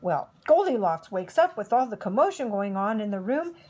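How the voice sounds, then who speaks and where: Slow preschool teacher lady telling a story, husky and gravelly, bouncy pitch. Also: animated, a little mellow. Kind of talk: storytelling for toddlers.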